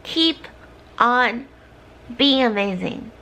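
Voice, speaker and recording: A tipsy young woman vlogging a heartfelt, tearful pep talk to camera, often sinking into soft whispers. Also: fairly high pitch, lively intonation, very slow. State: teary.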